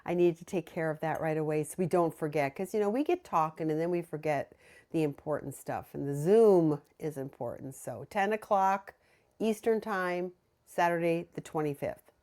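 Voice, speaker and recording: A woman co-hosting a casual podcast, chatting in a lively way and going over plans. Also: deep voice, normal speed. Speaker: podcast co-host. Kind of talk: casual chat.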